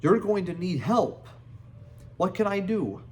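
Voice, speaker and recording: A man voicing a tough retired Australian soldier in his fifties, who talks briskly with an Australian accent. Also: high-pitched, very animated, a little mellow, pitched above the performer's own voice. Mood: eager. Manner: brisk, barking offers of help.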